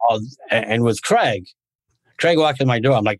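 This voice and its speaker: A man chatting as a guest in an interview, wandering off into stories and often breaking off to restart his thought. His voice sits at an ordinary middle pitch. The recording is close and dry, with no room sound. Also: expressive, moderate pace, no room sound. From United States. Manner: rambling storyteller, restarts often. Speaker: podcast guest, martial arts instructor. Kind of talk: casual interview conversation.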